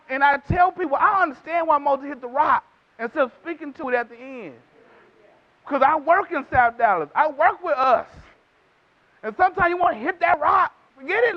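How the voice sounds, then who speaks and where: A man preaching a sermon emphatically, acting out quotes in voices, in a dull lo-fi recording. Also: very high voice.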